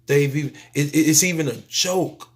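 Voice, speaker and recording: A man delivering a spiritual preaching monologue to his viewers, emphatic and repetitive, stretching out phrases and suddenly dropping to a soft near-whisper. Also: a little high, moderate pace. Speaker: YouTube speaker.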